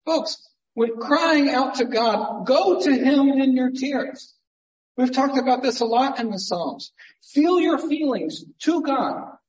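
A male pastor delivers a sermon in a high, unhurried voice. He speaks earnestly and conversationally, leaning on rhetorical questions. The room mic sits far off, so his voice rings through an echoey church hall. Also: animated, dull audio. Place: church sanctuary.

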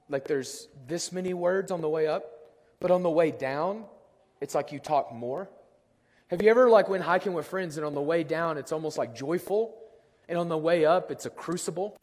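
A man with a hoarse, worn-out voice preaching a sermon, telling self-deprecating stories with jokes. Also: on the high side. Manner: self-deprecating storytelling, lively and joking. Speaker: pastor. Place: church sanctuary. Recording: long hall reverb.

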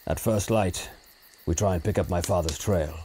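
A man voicing a gruff, steady male companion who speaks with low, calm concern. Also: normal speed, a little hiss or hum.

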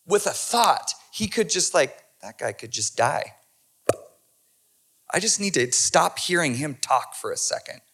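A male pastor preaching an impassioned sermon that swings from hushed to loud. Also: on the high side, very animated, measured pace.

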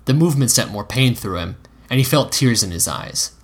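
A man narrating an audiobook in a measured storytelling manner. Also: mid-range voice, lively intonation, husky.

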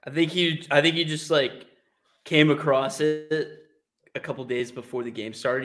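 A man's voice: on the high side, fairly even intonation, normal speed. A young man co-hosting a casual sports podcast, laid-back and agreeable, joking along.

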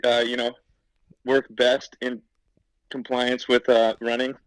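Regular-pitched dude calling in, rambly and giggly, dry sound. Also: male voice, level tone, slow pace, clear, resonant tone, dry recording, low-quality recording. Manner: rambling and self-amused, laughs mid-sentence. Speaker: caller, league member. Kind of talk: casual chat over a call.

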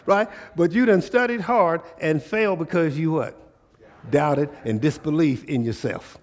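Here a male pastor preaches at a moderate pace in a casual, conversational dialect, using rhetorical questions to keep his congregation calling back. His voice sits somewhat high for a man. The church hall gives it a long, echoing reverb tail.

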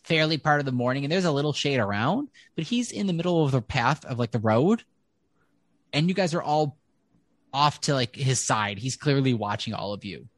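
Game master, man, casual halting narration, dry close sound. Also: medium pitch, expressive, dry recording.

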